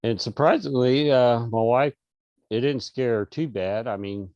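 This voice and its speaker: A man's voice: medium pitch, a little slow, a little mellow, no echo, lo-fi sound. A middle-aged man, an interview guest, telling a casual story over a video call with lots of restarts and fillers. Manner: rambling, many restarts and fillers.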